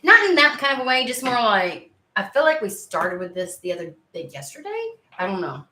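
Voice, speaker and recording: Chatty woman with a bright, echoey voice. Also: on the high side, very animated, a little fast. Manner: rambling, chatty, many fillers and restarts. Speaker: tarot reader and channel host. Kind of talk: casual chat to camera.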